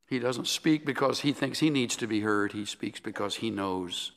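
A male pastor preaching a sermon in a measured, emphatic way. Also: on the low side, a bit bright. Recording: echoey hall with long reverb.

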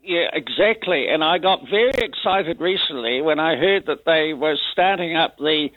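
A man's voice: fairly high pitch, expressive, normal speed, dry recording. An older man with a New Zealand accent calling a talkback show, rambling and hesitant as he grumbles. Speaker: caller. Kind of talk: casual talkback chat. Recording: muffled phone-in line.

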